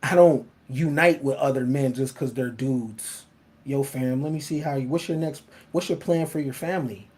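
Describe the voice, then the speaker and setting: Male host, blunt and profane, animated casual monologue, laughs a lot. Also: medium pitch, moderate pace. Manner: laughs often.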